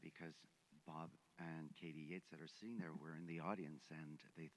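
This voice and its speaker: A man's voice: rumbling low, fairly even intonation, normal speed, poor audio. A middle-aged man, speaking on a conference panel and telling a personal story in an earnest, heartfelt way. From Mexico. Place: conference venue.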